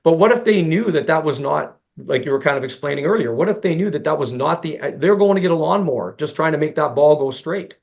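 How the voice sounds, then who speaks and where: Gravelly, higher-pitched man telling a story. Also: animated, fast talker, few pauses, highs cut off. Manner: storytelling, acting out both sides of dialogues, self-deprecating, frequent restarts. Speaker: golf instructor presenting to fellow teachers. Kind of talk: conversational presentation with an extended story.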